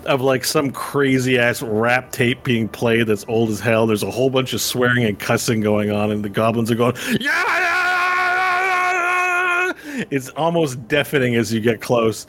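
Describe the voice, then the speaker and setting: A man's voice: mid-range voice, fairly even intonation, moderate pace, few pauses. A man narrating as game master, rambling with lots of fillers and restarts.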